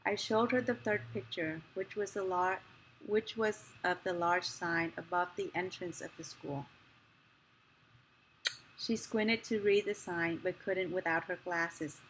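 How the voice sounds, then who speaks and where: A woman reading a memoir passage aloud, in a slow, measured and gentle way. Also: lowish voice, a little hiss or hum, rough recording.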